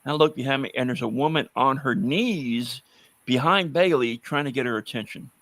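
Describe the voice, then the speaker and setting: A man's voice: medium pitch, normal speed, a bit bright, dry recording. A man telling blunt, wry stories in a casual podcast conversation. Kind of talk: casual anecdotal storytelling.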